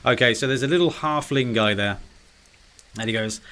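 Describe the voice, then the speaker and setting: A man narrating a tabletop role-playing game as game master, casual and brisk with fillers. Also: medium pitch, pushed and bright.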